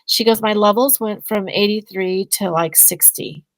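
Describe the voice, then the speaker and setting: A woman, a guest on a podcast interview, telling a story in a casual, animated way and acting out both sides of the conversations. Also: mid-range voice, moderate pace, no room sound, rough recording. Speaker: guest, energy healing business owner.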